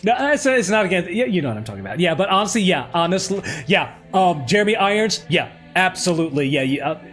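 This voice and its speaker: A man hosting a casual let's play chat, excitable, laughing often and swearing casually. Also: sits high, fast. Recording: music playing underneath.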